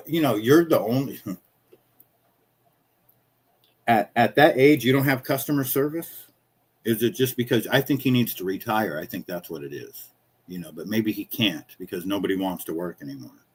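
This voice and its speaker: A man's voice: lowish voice, slightly rough. A man in his fifties, a small-business chocolatier, ranting casually in a profane, rambling, indignant way. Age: 50s.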